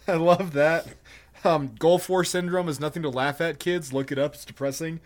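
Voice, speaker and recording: A man's voice: a little high, steady tone, normal speed. A man co-hosting a podcast in casual chat, stammering through restarts, laughing often and joking crudely. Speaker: podcast co-host.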